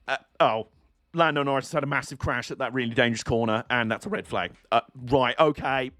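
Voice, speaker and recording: A young man casually commenting on motor racing during a livestream, chatty and excitable, laughing and swearing often. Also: mid-range voice, fast. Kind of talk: casual watch-along commentary.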